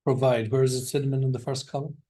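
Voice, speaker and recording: A man's voice: mid-range voice, level tone, fast talker, dark tone. A man teaching a classroom vocabulary lesson, encouraging his students and drilling the words aloud with them. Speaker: English teacher.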